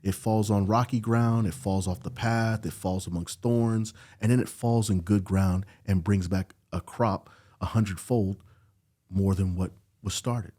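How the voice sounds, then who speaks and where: Man telling a story in a low, dark voice. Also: measured pace. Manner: animated storyteller, acts out quoted dialogue. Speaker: podcast guest. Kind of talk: storytelling in casual conversation. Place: podcast studio.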